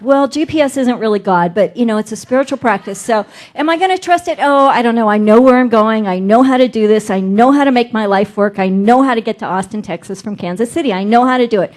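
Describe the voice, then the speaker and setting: A woman's voice: a little high, quick pace, few pauses, a little mellow. A middle-aged woman minister delivering a sermon, telling a personal story and acting out her inner dialogue.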